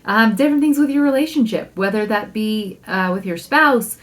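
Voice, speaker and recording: A woman at a middle pitch talks through a casual podcast monologue as a life coach. She is upbeat and chatty, laughs easily, and acts out her own inner thoughts as little quotes. When something matters, she slows down and leans on the words. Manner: emphatic, slows down to stress key points.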